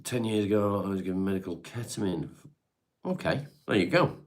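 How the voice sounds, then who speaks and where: Low-voiced laid-back man chatting on stream. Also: lively intonation, brisk. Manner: laid-back, swears casually, reads and answers viewer comments. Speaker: live-stream host reading chat. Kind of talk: casual live-stream chat.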